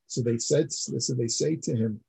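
Male teacher, mellow and slightly husky, earnest lecturing delivery. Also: medium pitch, normal speed, low-quality recording. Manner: earnest explaining, repeats words while building a point. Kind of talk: classroom lecture.

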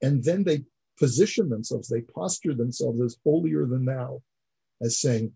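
A man's voice: medium pitch, moderate pace, vocal fry, warm tone, husky, rough recording. A man teaching a class, explaining earnestly and repeating words as he builds each point. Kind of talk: classroom lecture.

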